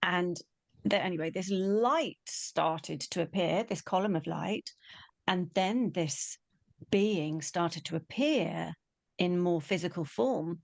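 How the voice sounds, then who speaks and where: A woman, telling a personal story in an animated way and acting out the quoted voices. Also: on the low side, slow pace, gravelly, dry recording. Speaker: spiritual teacher.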